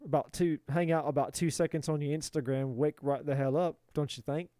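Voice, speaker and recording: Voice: mid-range voice, fairly even intonation, brisk, dark tone, dry recording, studio quality. A tarot reader giving a live reading in a playful put-on British accent, swearing and exasperated in a theatrical way.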